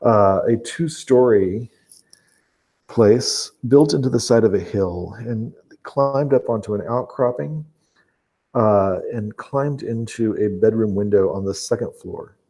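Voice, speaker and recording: A man narrating a tabletop role-playing game as game master, talking haltingly with fillers and restarts. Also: fairly low pitch, warm tone.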